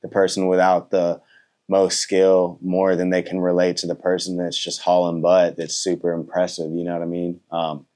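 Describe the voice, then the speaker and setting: A thirty-year-old man with a very low voice talks easily in an interview. He is polite and laid-back, filling his answers with "um" and "uh" and letting sentences trail off. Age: 30s. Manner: relaxed, polite, lots of fillers and trailing off. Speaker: motorcycle racer and content creator.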